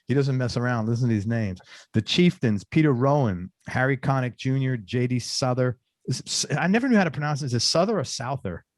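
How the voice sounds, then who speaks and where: A man's voice: mid-range voice, fast talker, dry recording. Chatty male podcast host, dry sound. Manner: chatty, loose, restarts and asides. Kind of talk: casual interview chat.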